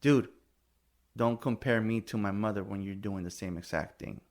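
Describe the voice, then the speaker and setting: A man's voice: fairly low pitch, moderate pace. A middle-aged man hosting a podcast, venting in casual chat, blunt and heated, swearing freely and getting defensive. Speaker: podcast host.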